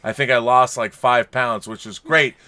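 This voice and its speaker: A man's voice: mid-range voice, fairly even intonation, normal speed, sharp tone, no room sound. A middle-aged man co-hosting a casual, tipsy live-stream chat, reading viewer messages with jokey, stumbling restarts. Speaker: podcast co-host reading super chats.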